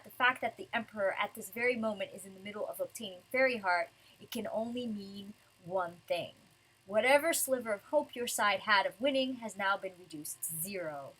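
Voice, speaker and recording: A woman reading the lines of a cold, formal female enemy soldier from a manga in a flat, measured tone. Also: a little high, slightly rough, poor audio.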